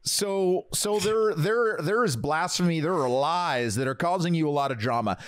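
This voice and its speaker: A man's voice: on the high side, normal speed. A man co-hosting a podcast, teasing and egging on a guest. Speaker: podcast co-host. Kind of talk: joking podcast banter.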